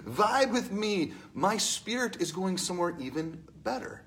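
A laid-back ancient philosopher, completely unbothered, speaks in a breezy, drawling voice pitched noticeably higher than normal, as a preacher puts him on in a sermon. He stretches out his words with surfer-like ease. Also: sing-song, a little slow, a bit bright, a little hiss or hum, full character voice. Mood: mellow.

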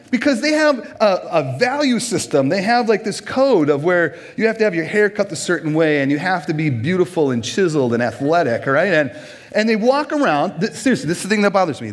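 A man in his forties from Minnesota, preaching a humorous sermon, joking and acting out little scenes as he goes. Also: high-pitched.

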